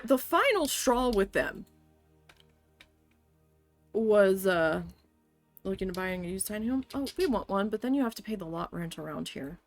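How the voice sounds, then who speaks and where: A woman streamer telling a story in casual chat while she plays, blunt and swearing often. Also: mid-range voice. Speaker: game streamer.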